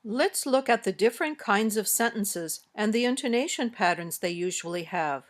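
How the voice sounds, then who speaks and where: An American woman reading a scripted English lesson, modeling sentences slowly and carefully as a teacher. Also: medium pitch, expressive. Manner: slow, careful, clearly modeled example sentences. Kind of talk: scripted instructional narration.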